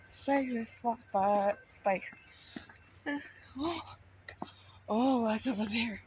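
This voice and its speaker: A woman's voice: a little high, very slow, long pauses, a little mellow, low-quality recording. A young woman casually vlogging a nature walk into her phone, playful and chatty, a little out of breath, with faint outdoor noise behind. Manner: playful, chatty, exclaims at what she sees. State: slightly out of breath. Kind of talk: casual walking vlog. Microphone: handheld phone.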